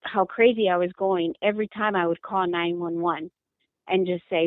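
Woman, grieving mother in an interview, halting and repetitive, lowish voice, dry tinny phone line. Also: little pitch movement, dry recording. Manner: halting, repeats words, distressed. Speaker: mother of a missing daughter, interviewee. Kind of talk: emotional interview account.

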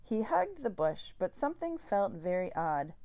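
A woman storyteller reads a children's picture book aloud in a medium-pitched voice, slowly and expressively.

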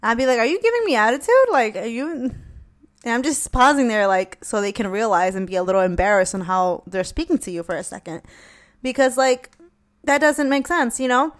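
A young woman talks straight to her listeners in a casual advice chat. She is blunt and a little profane, with a mid-range voice. When she acts out her own comebacks, her delivery gets more animated. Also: mid-range voice, a little fast. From Latina. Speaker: podcast host.

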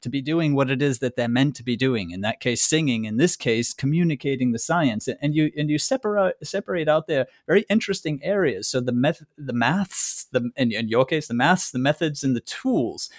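A man's voice: mid-range voice, lively intonation, a little fast, few pauses, no echo, clean studio sound. A man hosting an interview, engaged and appreciative, with stammered restarts. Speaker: interviewer, host. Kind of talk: conversational interview.

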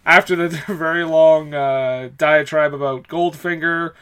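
A man's voice: a little high, fairly even intonation, a little slow, fairly bright tone, smooth. A man co-hosting a casual film podcast, making wry, teasing asides. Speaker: podcast co-host.

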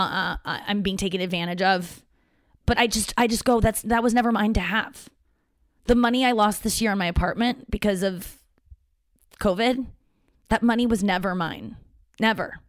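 A woman hosts her own podcast, rambling casually and candidly, swearing freely and frequently restarting sentences. Her voice is mid-range, and there's no room sound.

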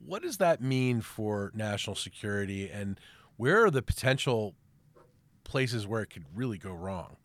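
A man hosting a podcast interview, putting direct, measured questions to his guest. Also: fairly low pitch, animated, no room sound. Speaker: podcast host.

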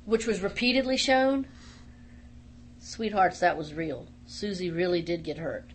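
A woman's voice: on the low side, a little slow, a little hiss or hum. A middle-aged woman, a former wrestler and studio guest, tells stories emphatically in a casual radio interview. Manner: animated, emphatic storyteller.

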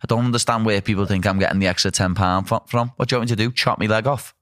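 A man's voice: on the low side, fairly even intonation, rapid-fire, fairly bright tone, no echo, studio quality. A young man, a pro fighter, chatting bluntly and casually about cutting weight. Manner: rambling, blunt, laughing. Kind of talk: casual chat.

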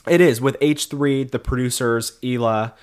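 A man with a smooth, mid-range voice, fairly even intonation and moderate pace co-hosts a casual podcast. He recaps online drama in relaxed chat, peppering his speech with "like."

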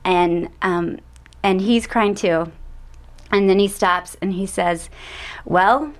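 A woman's voice: mid-range voice, fairly even intonation, takes it slowly. A Texan woman in her thirties co-hosting a podcast, chatting casually and rambling with fillers and restarts. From Texas. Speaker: podcast co-host. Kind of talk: casual chat.

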